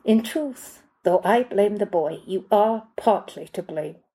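A woman's voice: mid-range voice, slow pace, dark tone. A woman reading as a dry, stern old butler. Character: dry, judgemental older male butler.

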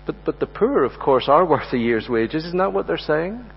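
A man's voice: fairly high pitch, sing-song, moderate pace, few pauses, slightly rough. A man preaching an earnest sermon from a lectern, often repeating words as he presses a point. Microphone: lectern mic. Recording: dull audio with long hall reverb.

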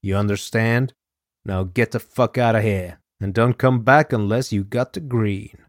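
A man voicing a loud, angry male mob boss who swears and threatens, in a dry close recording. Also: fairly low pitch, a little slow, no room sound, natural voice. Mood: furious. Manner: yelling, profane, threatening.

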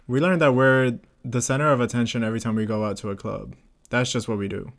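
A man's voice: medium pitch, fairly even intonation, fast talker. A man co-hosting a podcast in casual chat, anxious and self-deprecating, often laughing. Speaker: podcast co-host.

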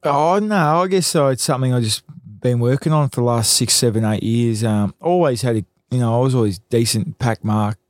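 A laid-back Australian man in his late twenties answers questions modestly and pauses often with ums. His voice sits at a middling pitch. The recording is close and dry. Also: dry recording. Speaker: professional footballer, guest. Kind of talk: casual chat, interview answers.

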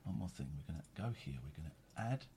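A man's voice: extremely low pitch, lively intonation, quick pace, warm tone, slight background noise. A tired man, host of a casual live stream, rambling and repeating himself.

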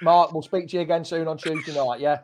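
Man, football stream host, jokey banter, slightly high voice. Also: fairly even intonation, fast talker, a little mellow, slight background noise. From Leicester, England. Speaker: host of a football fan show. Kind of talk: casual chat on a live stream.

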